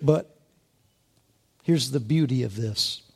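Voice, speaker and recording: A male preacher giving a sermon, moving between hushed, gentle passages and loud, rising emphasis, drawing out key words slowly. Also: medium pitch, gravelly, husky. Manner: slow, deliberate delivery with drawn-out key words.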